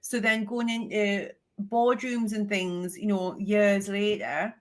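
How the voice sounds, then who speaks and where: A woman in her forties with a strong Geordie accent, a podcast guest telling candid, lively stories with the odd swear word. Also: mid-range voice, slow pace. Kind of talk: casual interview chat.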